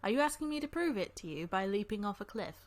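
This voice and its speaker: A woman voicing a calm, wry male doctor in a crow mask, with an attempted Australian accent, as she reads a visual novel aloud. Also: medium pitch, fast talker. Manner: calm, wry, mildly teasing. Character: mysterious male crow-masked town doctor, calm and dry. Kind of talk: voice acting while reading a visual novel.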